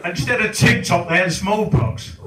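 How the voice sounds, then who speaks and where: A man's voice: high-pitched, very animated, normal speed. An older man performing a stand-up comedy set, telling stories in a wry, sardonic way. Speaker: stand-up comic. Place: comedy club lounge. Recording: echoey club, distant, noisy.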